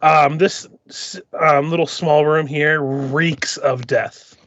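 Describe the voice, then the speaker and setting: A man's voice: fairly high pitch, steady tone, takes it slowly, a bit bright, no echo. A man narrating as game master, describing scenes with many hesitant ums and restarts. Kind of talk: narrating a tabletop game over a call. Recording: dull lo-fi call audio, dry.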